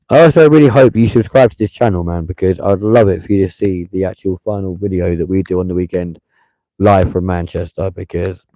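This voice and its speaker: Gravelly man ranting bluntly. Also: on the low side, mellow, no room sound, low-quality recording. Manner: blunt, profane, heated. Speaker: live stream host. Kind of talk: casual ranting commentary.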